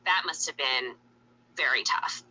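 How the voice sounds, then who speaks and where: A woman interviewer asking questions in a sympathetic, measured way. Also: extremely low pitch, pushed and bright, a little hiss or hum, poor audio.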